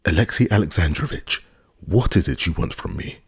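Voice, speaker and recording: A man's voice: low voice, expressive, a little fast, slightly rough, no room sound, clean studio sound, full character voice. A man reading a timid guilty noblewoman. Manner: timid, earnest. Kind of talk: audiobook character reading.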